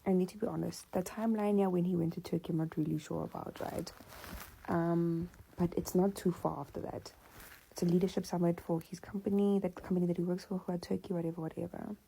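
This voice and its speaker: A woman's voice: lowish voice, fast talker, creaky, a little hiss or hum. A woman telling a personal story in a casual, slangy, conversational way. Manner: slangy, conversational, animated retelling.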